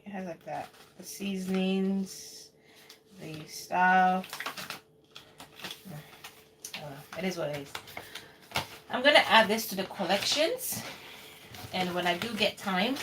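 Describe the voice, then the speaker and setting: A woman hosting a casual live cooking stream from her home kitchen in the UK, chatting loosely and rambling while she answers viewers. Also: on the low side. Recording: distant mic with noticeable background noise.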